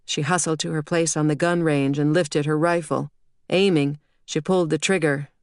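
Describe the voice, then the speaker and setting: Low-voiced woman reading an audiobook. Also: fairly even intonation, normal speed, clean tone, dry recording, studio quality. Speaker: audiobook narrator. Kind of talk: scripted narration.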